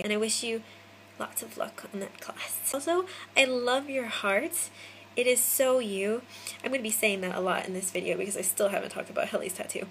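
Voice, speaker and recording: A woman's voice: mid-range voice, vocal fry, a little hiss or hum, rough recording. A young American woman in her twenties from Hawaii, chatting casually to viewers by name into a phone camera indoors. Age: 20s. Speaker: vlogger.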